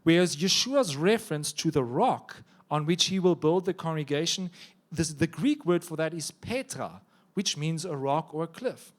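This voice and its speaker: A man's voice: on the high side, lively intonation, moderate pace. A man preacher giving a sermon, telling the story vividly with joking asides.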